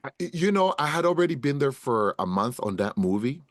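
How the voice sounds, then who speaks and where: This middle-aged actor speaks a little fast at a medium pitch, with no echo, in street slang. As a guest on a casual podcast interview, he's an animated storyteller who acts out what people said and keeps calling the host "bro" and "brother."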